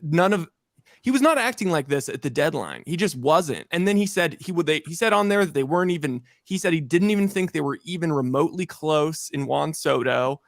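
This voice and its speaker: A man's voice: on the high side, expressive, brisk, gravelly, dry recording, studio quality. A man co-hosting a baseball talk show, rambling with many fillers and sounding frustrated. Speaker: sports talk show co-host. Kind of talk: casual sports talk.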